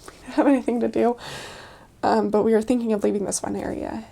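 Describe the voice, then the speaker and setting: A woman's voice: fairly high pitch, steady tone, fast talker, creaky, dark tone. A young adult woman, a returned missionary, casually telling stories in a chatty way, full of "like" and laughs. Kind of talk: casual storytelling interview.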